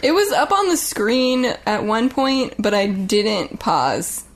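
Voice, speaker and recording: A young woman takes her time, recapping an episode on a casual podcast. Her delivery is dry and unhurried. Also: on the high side, sing-song. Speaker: podcast co-host.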